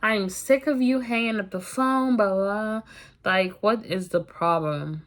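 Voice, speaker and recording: A woman's voice: medium pitch, unhurried, close to an everyday voice. A woman voicing a blunt young woman who scolds her friend in a storytime vlog, mocking and dismissive. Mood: scornful.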